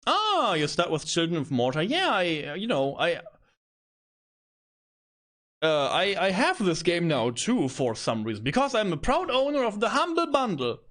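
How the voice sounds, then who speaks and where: Rambling, lively man streaming a game. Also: high voice, normal speed. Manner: rambling, self-correcting. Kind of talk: casual let's play chat.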